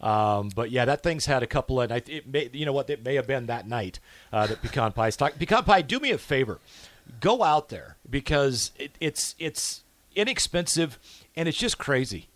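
A man's voice: medium pitch, very animated, moderate pace, a bit bright, no room sound. Upbeat male radio host. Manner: upbeat, reads listener texts. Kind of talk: casual radio chat. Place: radio studio.

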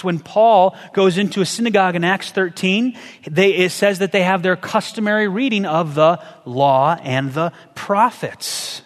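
Male pastor, high-pitched, conversational sermon delivery with lots of questions, long hall reverb. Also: measured pace. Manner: conversational preaching with rhetorical questions.

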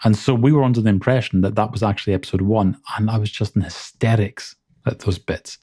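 A man co-hosting a podcast in casual chat, enthusiastic and quick to laugh, often restarting his sentences. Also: on the low side, fairly even intonation, warm tone, slightly rough. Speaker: podcast co-host.

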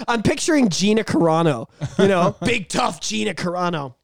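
A man's voice: sits high, lively intonation, moderate pace, gravelly, no room sound, clean studio sound. Rambling, profane man on a podcast. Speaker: podcast co-host. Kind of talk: casual podcast chat.

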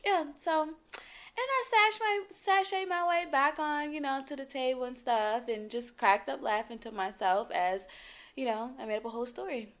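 A woman's voice: high voice, normal speed, fairly bright tone. A young woman co-hosting a casual podcast, telling a story and acting out both sides of the conversation. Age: young adult. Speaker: podcast co-host.

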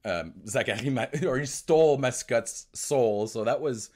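A francophone man, co-hosting a casual sports livestream and talking in an animated, rambling way with many restarts. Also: medium pitch, a little slow. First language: French. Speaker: co-host. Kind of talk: casual hockey livestream chat.

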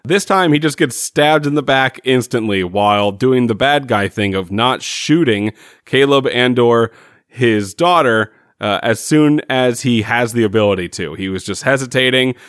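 A man's voice: mid-range voice, expressive, a little slow, a bit bright, clear, resonant tone, no room sound, studio quality. A man co-hosting a podcast, chatting casually and wryly about a TV episode and laughing often. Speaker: podcast co-host. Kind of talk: casual chat reviewing a TV episode.

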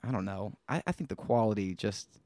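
A man's voice: fairly low pitch, lively intonation, fairly quick, a little mellow, dry recording. A man hosting a casual podcast chat, joking around and laughing at his own bad jokes. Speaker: podcast host.

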